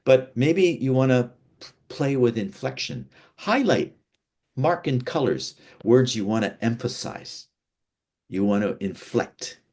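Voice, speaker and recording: A man's voice: mid-range voice, expressive, unhurried, darkish tone. A man from North America teaching an online lesson on speaking and presentation, with frequent restarts and emphatic demonstrations while seated indoors. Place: seated indoors, away from a window.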